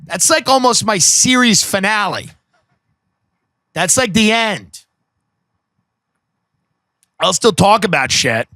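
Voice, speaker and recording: A man's voice: high-pitched, expressive, slow, pauses often, pushed and bright, no room sound, clean studio sound. A man hosting a podcast, delivering a profane, sarcastic comedic rant that mocks the people he describes. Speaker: podcast host.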